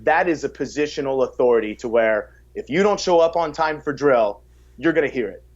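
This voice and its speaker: Energetic man talking about coaching. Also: medium pitch, a little fast. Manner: energetic, repeats words when starting sentences; acts out quotes in a raised voice. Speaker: fitness coach, podcast guest. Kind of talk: casual podcast conversation. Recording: slightly dull podcast audio.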